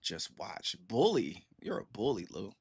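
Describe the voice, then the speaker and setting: A man's voice: on the low side, huge pitch swings, measured pace, a little mellow, slightly rough. A man hosting a casual reaction stream, talking in a laid-back, repetitive way and often saying "man". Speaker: streamer host.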